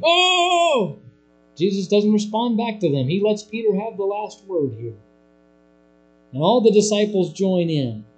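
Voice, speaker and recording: A man preaching a sermon, swinging between hushed, low lines and loud, emphatic ones. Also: rough recording.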